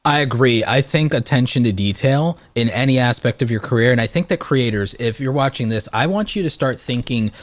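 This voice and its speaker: A man's voice: mid-range voice, animated, a little fast, hardly any pauses, no echo. A man hosting a live stream discussion, speaking emphatically and motivationally, with frequent "like". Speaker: host YouTuber.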